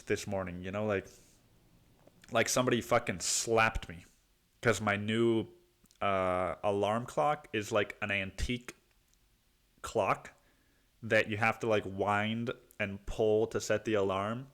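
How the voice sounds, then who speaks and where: A man from Mexico talks alone into the mic in a slightly low voice. He rambles in a loose, profane way, keeps saying "dude", and drifts from one thought to the next. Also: steady tone, unhurried, long pauses, fairly bright tone. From Cancun, Mexico. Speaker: podcast host. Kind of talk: casual solo podcast monologue.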